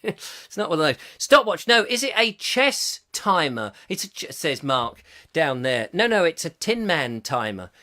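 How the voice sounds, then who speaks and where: A man's voice: on the high side, very animated, measured pace, pushed and bright. A man hosting a playful live-stream chat show, rambling and reading viewer comments aloud with sudden silly outbursts. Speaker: host.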